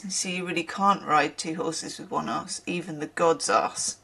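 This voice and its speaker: A woman's voice: deep voice, fairly even intonation, moderate pace, creaky, hardly any pauses, pushed and bright, husky. Tired lady doing a casual tarot reading, chatty, wanders off topic, swears a bit. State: tired from little sleep. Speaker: tarot reader.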